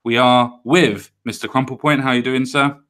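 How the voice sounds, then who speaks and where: A man's voice: mid-range voice, fairly even intonation, moderate pace, a bit bright. Rambling man hosting a stream. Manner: rambling, apologetic restarts. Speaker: livestream host. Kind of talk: casual podcast chat.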